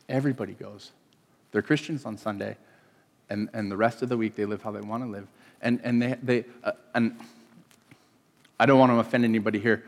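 A man's voice: on the low side, in a large hall. A man from California preaching a sermon, telling stories and acting out the voices of people he quotes. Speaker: pastor.

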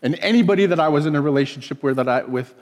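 A man's voice: on the high side, rapid-fire, a little mellow, big-room sound. A man from California preaching a sermon, telling stories and acting out the voices of people he quotes. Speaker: pastor.

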